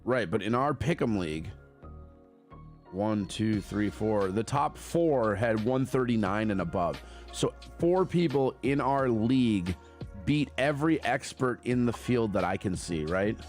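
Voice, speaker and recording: A man's voice: on the low side, lively intonation, a little slow, a little mellow, faint music behind. A man hosting a podcast, chatting casually in a loose, profane, joking way, sounding a bit congested. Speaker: podcast host. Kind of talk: casual chat.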